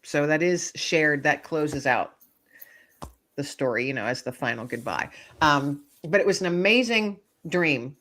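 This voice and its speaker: A woman guest author shares a personal story in a relaxed interview. Her voice sits a little low, and she tells the story with animated expression, bringing the quoted voices to life. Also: measured pace.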